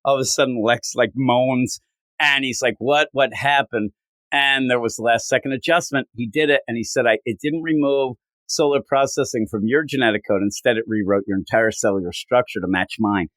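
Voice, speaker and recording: This podcast host runs through a comic fairly quickly and casually, animatedly performing the characters' dialogue with sharp pitch jumps. There's no echo on the recording.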